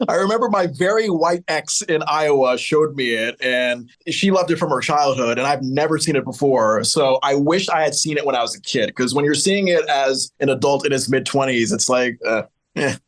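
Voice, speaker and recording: A man's voice: mid-range voice, moderate pace. A man in his twenties co-hosting a podcast, chatting casually and with animation as he recaps a sitcom episode, laughing often. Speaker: podcast co-host.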